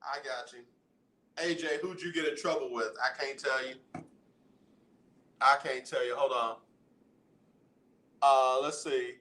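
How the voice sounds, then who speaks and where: A man hosting a casual radio talk show, animated as he banters with listeners and callers. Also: medium pitch, measured pace, pauses often, reverberant, poor audio. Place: radio studio.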